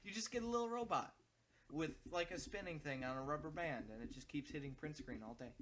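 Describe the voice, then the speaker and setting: A man co-hosting a podcast in casual chat, excitable and jokey, laughing often. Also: fairly high pitch, a little fast, a little hiss or hum. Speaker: podcast co-host.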